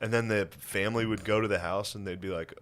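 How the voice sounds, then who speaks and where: A young man co-hosting a podcast in casual, comedic banter, laughing often and acting out voices in quick bits. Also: fairly low pitch, steady tone, crowd noise. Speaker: podcast co-host.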